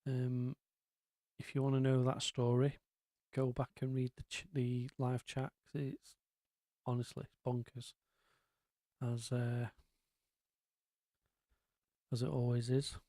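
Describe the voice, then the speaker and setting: A man's voice: mid-range voice, level tone, slow, long pauses, mellow, no room sound. A man hosting a casual live-stream chat, rambling along with lots of ums and asides.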